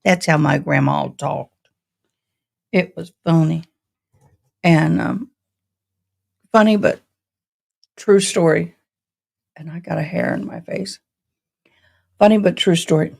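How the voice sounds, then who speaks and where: This livestream host speaks low and husky, with creaky, slightly mellow tones, fairly even intonation, a slow pace, and long pauses. She's a fortysomething woman from Tennessee who grew up in Texas, and her Southern accent mixes both regions as she chats folksily with viewers by name.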